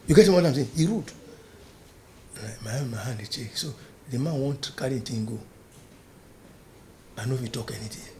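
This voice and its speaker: An older Nigerian man in an interview, telling a long story in a mix of pidgin and English, dropping to a low murmur and then rising loud and emphatic. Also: fast talker, long pauses. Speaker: interview guest.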